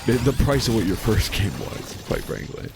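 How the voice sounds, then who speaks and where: A sarcastic man rambles through a live game stream, his low voice rough with fry and swinging widely in pitch. Game music plays clearly underneath. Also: sing-song, normal speed. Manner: sarcastic, rambling with many restarts. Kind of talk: casual gaming stream chat.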